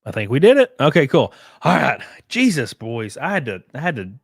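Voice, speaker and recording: A man's voice: mid-range voice, huge pitch swings, a little fast, gravelly, husky, no echo, studio quality. A man hosting a casual livestream, reading viewer comments and joking around with a rambling, swearing manner. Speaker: livestream host and race car driver.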